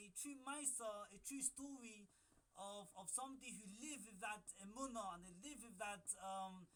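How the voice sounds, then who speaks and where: Bright-voiced man telling a Torah story. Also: poor audio. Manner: halting, repeats words often, mixes in Hebrew and Yiddish terms; grows louder and higher when quoting the story's figures. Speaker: Torah speaker.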